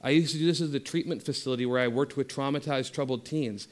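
A man giving a spiritual talk that moves from passionate teaching into a soft, slow guided meditation. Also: medium pitch.

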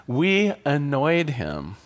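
A calm, wry father explains things patiently to his daughter, as a man plays him in a joke. His voice moves up and down in a lively way. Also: on the high side, very slow, full character voice.

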